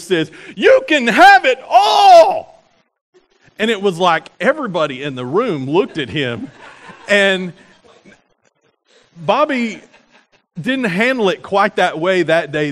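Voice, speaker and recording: A man with a notably high voice delivers a church sermon. He talks in a loose, conversational storytelling way, with frequent fillers and restarts. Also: a bit bright. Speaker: pastor. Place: church sanctuary.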